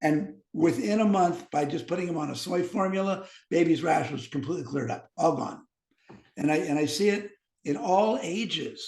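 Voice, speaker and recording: Man, 50s, physician, lively storyteller, higher pitch, echoey room. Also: normal speed, creaky. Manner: animated anecdotes, acts out quoted dialogue. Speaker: physician guest. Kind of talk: storytelling in a podcast interview.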